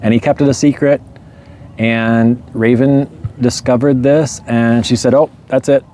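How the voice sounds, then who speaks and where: A man telling a story in a relaxed, rambling way, chuckling often. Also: medium pitch, unhurried, a little hiss or hum. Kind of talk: casual storytelling monologue.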